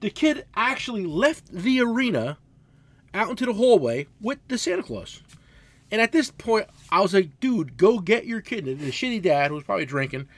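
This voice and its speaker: A man in his forties co-hosting a casual podcast, telling loud, profane stories. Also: high voice, sing-song, moderate pace, dry recording. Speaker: podcast co-host, mechanic.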